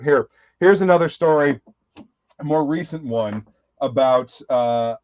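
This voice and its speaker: A man hosting a casual live chat, telling rambling, profane stories and laughing often. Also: medium pitch. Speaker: host. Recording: dull, dry lo-fi sound.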